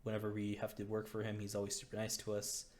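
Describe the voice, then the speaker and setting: A man's voice: fairly low pitch, completely flat delivery, quick pace, a little mellow, a little hiss or hum, natural voice. A man voicing a band of earnest cultists.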